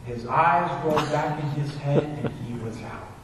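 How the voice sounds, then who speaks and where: A man's voice: on the high side, moderate pace, heavy background noise. A man preaching a sermon in a church, telling a story earnestly, recorded from far off in an echoey hall. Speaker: pastor.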